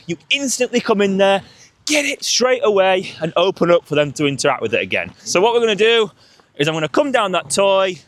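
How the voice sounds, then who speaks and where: A man training a dog, explaining a tug game to viewers between sharp calls to the dog. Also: high voice. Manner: energetic, coaching, calls sharp cues to the dog.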